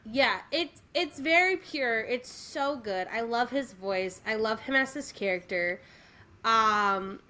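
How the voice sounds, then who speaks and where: A woman's voice: fairly high pitch, animated, slow pace, bright, forceful tone. A woman co-hosting a podcast, chatting casually and enthusiastically with many fillers and restarts. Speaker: podcast co-host. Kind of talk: casual chat.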